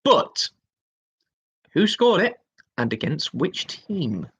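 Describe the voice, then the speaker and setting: A man's voice: on the high side, sing-song, slow, breathy edge. A man hosting a pub quiz, reading each question twice with chatty asides in between.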